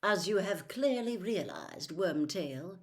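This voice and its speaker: A woman's voice: on the low side, animated, takes it slowly. A woman reading aloud and voicing a cold male wizard who speaks lazily, silkily and with a sneer. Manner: lazy, silky and sneering. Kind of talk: audiobook reading.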